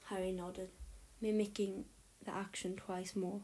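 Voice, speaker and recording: A woman narrates a story aloud in a soft, breathy voice. Her tone is mellow and warm, with a gentle, unhurried reading manner. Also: medium pitch, flat delivery, rough recording. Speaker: audiobook narrator. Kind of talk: reading fan fiction aloud.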